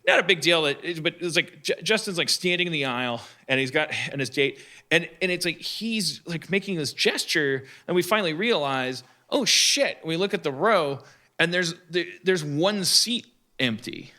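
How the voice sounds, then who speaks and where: Sharp-voiced man telling a rambling story. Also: on the high side. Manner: rambling, halting, full of restarts and asides. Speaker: podcast guest telling a story. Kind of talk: casual comic storytelling on a live podcast.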